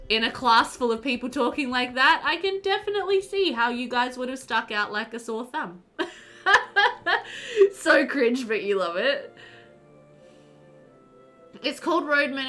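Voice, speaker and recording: A woman's voice: a little high, sharp tone. A woman streamer chatting casually and animatedly with viewers while playing a game, often laughing.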